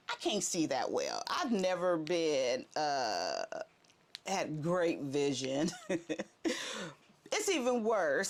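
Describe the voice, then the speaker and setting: A middle-aged woman hosting a vlog and telling a story casually, acting out her own prayers and laughing as she goes. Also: medium pitch. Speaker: vlog host.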